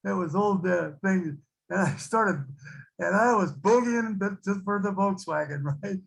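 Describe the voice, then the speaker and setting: A man's voice: sits high, unhurried, vocal fry, low-quality recording. An older man sharing his recovery story with a support group, rambling and laughing as he acts out the people in it. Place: online recovery meeting.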